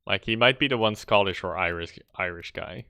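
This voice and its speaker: A man's voice: sits low, a little fast, creaky, sharp tone, dry recording. A man streaming a video game, thinking aloud in a hesitant, self-correcting way as he works through a puzzle. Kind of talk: casual gameplay commentary. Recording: game music playing behind. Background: game music.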